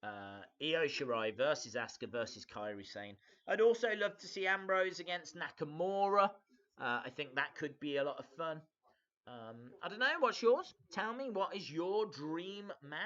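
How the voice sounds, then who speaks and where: Bright-toned man chatting on a live stream. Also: fairly high pitch, very animated, normal speed. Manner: rambling, hesitant, many fillers, reads out viewer comments. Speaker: live-stream reaction host. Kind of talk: casual live reaction chat. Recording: dull lo-fi sound.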